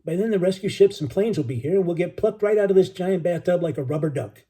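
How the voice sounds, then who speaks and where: A man acts out a worn-out Marine with a New York accent, almost whispering his folksy, upbeat reassurances. His voice sits a bit higher than the narrator's and stays husky and dark, like a sailor hanging on in the water in a storybook reading. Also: animated, quick pace. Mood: weak reassuring. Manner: weak, near-whispering, folksy slang. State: exhausted.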